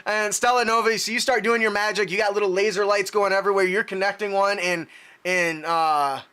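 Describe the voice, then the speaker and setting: Bright-voiced man running a game. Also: high voice, fairly even intonation, moderate pace, clean tone. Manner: loose, laughing, full of fillers. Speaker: game master. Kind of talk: narrating a tabletop game.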